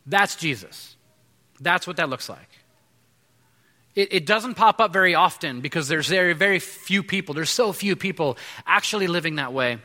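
A man's voice: sits high, expressive, moderate pace, bright, forceful tone. A man in his thirties preaching a sermon to a congregation, conversational, with frequent restarts and fillers. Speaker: pastor. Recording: long reverb of a large hall.

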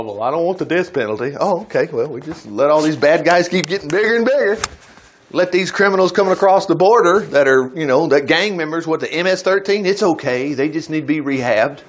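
A man preaching a sermon in church, reading scripture aloud and dramatizing it in a folksy, animated way. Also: fairly high pitch, fairly quick, a little hiss or hum. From United States.

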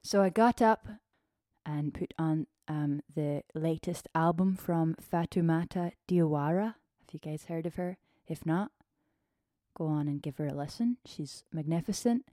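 A woman's voice: low voice, a little slow, no echo, clean studio sound. A woman hosting her own podcast, talking freely and chattily with lots of fillers, a little out of breath. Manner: chatty, warm-hearted, free-flowing with fillers. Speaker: podcast host. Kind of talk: casual solo podcast talk.

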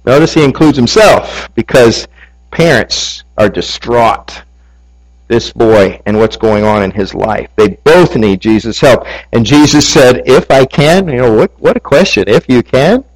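A man's voice: mid-range voice, lively intonation, unhurried, rough recording. A male pastor preaching a sermon, telling a story, reading scripture and asking his congregation questions. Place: church.

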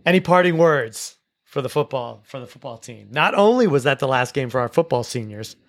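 A man's voice: medium pitch, fairly quick. A man hosts a school sports show in an easygoing way, recapping games in an ordinary middle voice. He often trips over his words and restarts sentences. The sound is close and dry, with no room echo. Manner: relaxed, with frequent restarts and repeated words. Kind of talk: casual sports recap chat.

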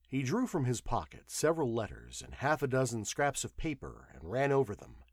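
A man's voice: mid-range voice, huge pitch swings, normal speed, few pauses, dry recording, clean studio sound. A man narrating an audiobook expressively, acting out the characters' voices.

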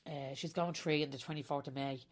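A woman's voice: deep voice, steady tone, a little fast. A woman in her forties hosting a podcast, talking candidly and confessionally about herself and often breaking into laughter. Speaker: podcast host. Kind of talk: personal podcast monologue.

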